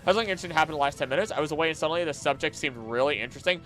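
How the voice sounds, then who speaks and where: A man streaming casually, skimming text aloud quickly with mumbled filler and breaking into loud, heated rants. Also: on the high side. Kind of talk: casual live-stream chat, reading aloud.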